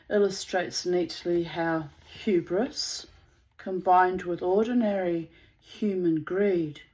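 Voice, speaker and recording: A woman's voice: on the low side, a little mellow, rough recording. A woman reading old myths aloud as a storyteller, with casual spoken asides.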